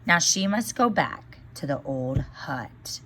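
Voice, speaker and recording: A woman teacher voicing a magic talking fish in a storybook read-aloud, stern and deliberate. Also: low voice, animated, bright, forceful tone, pitched below the performer's own voice, full character voice.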